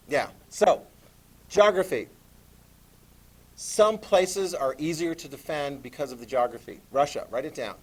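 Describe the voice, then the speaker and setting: A man teaching a class, lively and animated, asking students questions as he lectures. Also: medium pitch.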